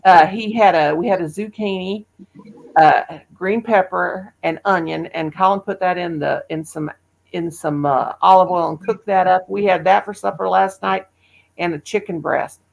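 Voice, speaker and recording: A woman's voice: on the low side, normal speed, vocal fry, rough recording. A woman from Missouri, hosting a casual livestream chat in a homey, emotional way and calling her viewers honey and darling. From Missouri, USA. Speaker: livestream host.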